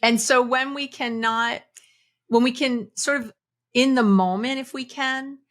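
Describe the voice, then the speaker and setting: Woman psychologist, podcast guest; animated advice-giver who voices quoted lines. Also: on the high side, measured pace. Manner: animated, acts out quoted lines, laughs often. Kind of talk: podcast conversation, giving advice.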